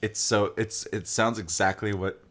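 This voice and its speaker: A man with a fairly low, fairly bright voice co-hosts a let's play of a visual novel, chatting casually over the gameplay. His intonation is fairly even and his pace moderate. He rambles, cracks jokes, and laughs often.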